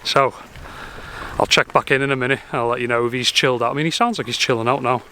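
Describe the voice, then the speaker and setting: A man's voice: mid-range voice, fairly even intonation, fast talker, bright, forceful tone, a little hiss or hum. A man, vlogging casually outdoors while cycling with his dogs in a trailer and chatting to them. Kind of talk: casual vlog to camera.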